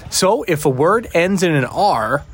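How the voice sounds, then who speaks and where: A man with a slightly high voice chats loosely on a recovery podcast. He jokes and teases his friends, laughs often, and then turns to his own story of staying sober on trips. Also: measured pace, slightly rough. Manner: joking, animated, laughs often. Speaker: podcast co-host. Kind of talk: casual recovery podcast chat.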